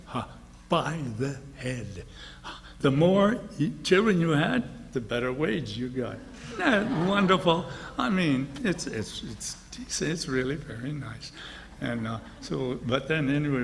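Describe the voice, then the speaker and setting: A man's voice: medium pitch, moderate pace, gravelly. An older man, telling stories in a rambling, chuckling way at a book release gathering. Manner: rambling, chuckling, full of restarts. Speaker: author. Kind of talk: storytelling reading at an event. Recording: echoey hall, faint noise.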